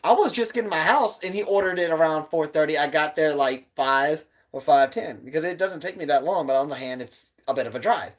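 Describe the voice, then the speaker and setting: A man's voice: on the high side, brisk, hardly any pauses. A man in his twenties co-hosting a podcast, telling a rambling, laughing story in casual chat, swearing as he goes. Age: 20s. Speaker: podcast co-host.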